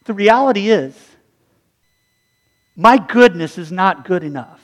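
A man in his forties with a notably high voice delivers a sermon. He talks in an animated, storytelling way and acts out the people he describes. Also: unhurried. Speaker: pastor.

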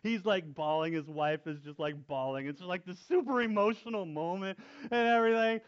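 Animated, high-voiced man laughing through a story. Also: brisk, clean tone. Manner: animated, laughs often while telling. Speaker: youth pastor telling a story. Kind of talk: casual storytelling. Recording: dull lo-fi sound.

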